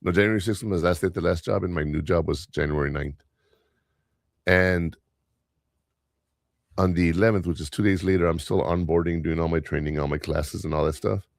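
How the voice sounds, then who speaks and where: Man, low voice, podcast host, casual rambling storyteller, dry close sound. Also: steady tone, fairly quick, creaky, pauses often, no room sound. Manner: chatty storyteller, many fillers and restarts. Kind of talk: casual chat.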